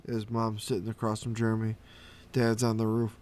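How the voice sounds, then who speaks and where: A man's voice: lowish voice, completely flat delivery, moderate pace, darkish tone. A man reading comic strips aloud for a radio reading service, in a plain, easygoing way with small fillers.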